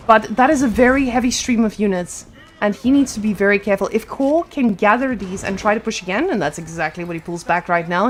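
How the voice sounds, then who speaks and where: A woman casting an esports match with energetic play-by-play commentary, quick to hype up big plays. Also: on the high side. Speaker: esports caster.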